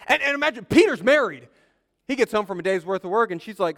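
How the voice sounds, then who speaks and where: A man in his thirties, a pastor preaching in a casual storytelling way. His voice sits a little high for a man. The sound rings out with long reverb from the hall. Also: expressive, fast talker, a bit bright. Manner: conversational storytelling, acts out quoted voices. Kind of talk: sermon.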